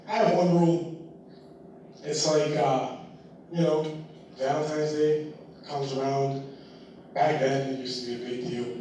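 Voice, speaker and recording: A man's voice: medium pitch, a little mellow, a little hiss or hum. A man doing a stand-up comedy set on a live stage, telling a story loosely and with plenty of swearing, acting out his own reactions as he goes. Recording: distant, echoey live stage audio.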